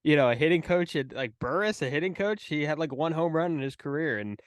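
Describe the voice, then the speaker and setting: A man's voice: a little high, animated, no echo, clean studio sound. A man hosting a podcast, chatting eagerly like a devoted fan. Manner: eager, fan-like, quick asides. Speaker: podcast host. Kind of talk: casual chat.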